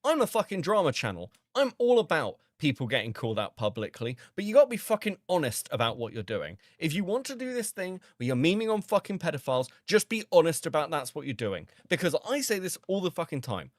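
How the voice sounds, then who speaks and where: A man's voice: fairly high pitch, big pitch swings, a little fast, hardly any pauses, no echo, studio quality. A man hosting a drama channel stream, reacting to comments in a heated, profane rant.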